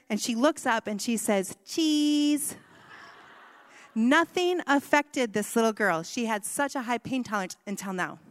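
A woman's voice: on the high side, no room sound, in a large hall. A woman in her thirties telling a personal family story, with self-deprecating humor and quoted dialogue. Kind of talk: personal testimony talk.

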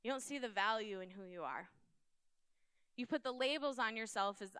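A woman's voice: on the high side, moderate pace, pushed and bright, clean tone, no echo. A woman giving an earnest, conversational sermon, speaking directly to her listeners.

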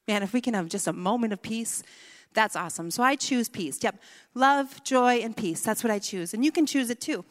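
A woman giving a lively, chatty personal talk to an audience, making fun of herself as she goes. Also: a little high, in a large hall. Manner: lively, chatty, self-mocking. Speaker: speaker.

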